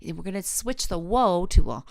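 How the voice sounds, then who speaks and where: A woman coaching singers in a live online lesson, her speaking voice ranging widely in pitch. She sounds close and dry, with no room around her. She encourages viewers warmly and talks them through each exercise. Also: sing-song, normal speed, gravelly, no room sound. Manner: demonstrates vocal exercises, sings and slides between notes; encouraging, addresses viewers directly. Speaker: voice teacher.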